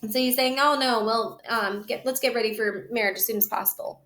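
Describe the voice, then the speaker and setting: Bright-voiced woman explaining a play. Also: fairly high pitch, fairly even intonation, a little fast. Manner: switches between reading lines aloud and plain paraphrase. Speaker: teacher reading and explaining a play. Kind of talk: read-aloud with casual explanation.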